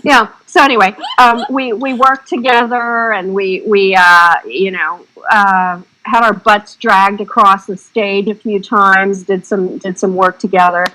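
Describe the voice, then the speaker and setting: A woman talks as a podcast guest, her voice sitting at an ordinary middle pitch. She tells her stories in a loose, rambling, chatty way, circling back as she goes. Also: steady tone, unhurried, few pauses, pushed and bright, rough recording. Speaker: guest filmmaker. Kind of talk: casual interview chat.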